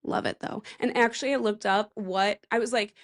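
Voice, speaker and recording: A woman's voice: medium pitch, fairly even intonation, a little fast. A young woman hosting a casual solo podcast, chatty and rambling, with self-mocking asides and a voice that cracks now and then. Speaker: podcast host.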